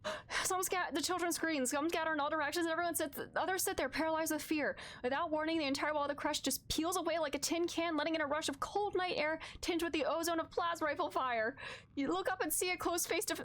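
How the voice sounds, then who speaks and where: High-voiced woman streamer reading a story game. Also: quick pace. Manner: expressive, shifts from calm reading to loud distressed outbursts. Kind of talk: reading a story game aloud with live reactions.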